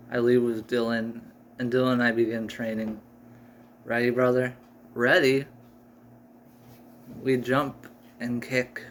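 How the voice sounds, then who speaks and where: A man improvising a family adventure story, rambling and correcting himself as he goes. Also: medium pitch. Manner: rambling, self-correcting narration. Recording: steady air conditioner hum.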